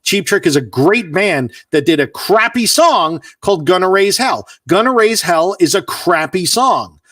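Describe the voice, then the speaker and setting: A man co-hosting a casual podcast, ranting with mock exasperation, his pitch leaping up and down. He is set a little back from the mic in a dry, dead room. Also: lively intonation, unhurried, a bit bright, no echo, recorded from a distance. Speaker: podcast co-host.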